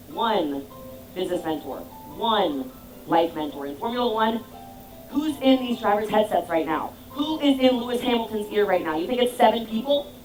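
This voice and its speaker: A woman's voice: fairly high pitch, low-quality recording. A woman business coach giving an emphatic motivational talk, firing rhetorical questions at her audience. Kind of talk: motivational speech.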